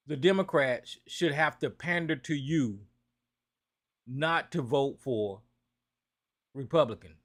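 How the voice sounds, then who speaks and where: A man's voice: fairly high pitch, fairly bright tone. A man from North Carolina, hosting a call-in talk show and ranting profanely about politics.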